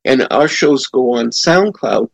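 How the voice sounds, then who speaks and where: A man hosting a music interview show, chatting in an easygoing, halting way. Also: medium pitch, lively intonation, gravelly, breathy edge, no room sound. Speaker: radio show host. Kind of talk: casual interview chat.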